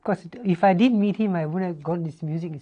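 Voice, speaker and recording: A veteran singer from Singapore, a woman, answering interview questions earnestly in a halting way. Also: on the low side, slightly rough, lo-fi sound. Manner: halting, with many fillers, earnest.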